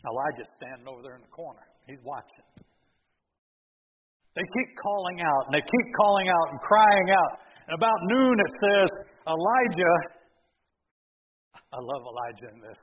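A male pastor preaching a sermon, retelling the story with lively, sarcastic asides to the congregation. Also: fairly high pitch, normal speed, long pauses, husky, big-room sound, lo-fi sound. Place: church sanctuary.

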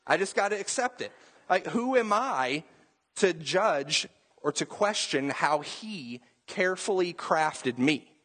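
A man's voice: a little high, animated, takes it slowly, a bit bright, husky. A young adult man, a pastor, preaching a sermon in a casual, conversational way with joking asides.

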